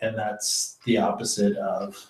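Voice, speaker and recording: A man's voice: lowish voice, completely flat delivery, unhurried, roomy sound, rough recording. A man leading an informal Bible study, talking in a loose conversational way with lots of fillers and restarts. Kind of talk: informal Bible teaching with discussion.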